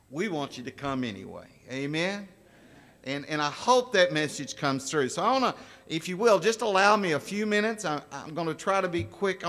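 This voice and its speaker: Folksy preacher in a reverberant church. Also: male voice, a little high, fairly bright tone. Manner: folksy storytelling, asks the congregation questions. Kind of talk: sermon. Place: church sanctuary. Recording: long church hall reverb.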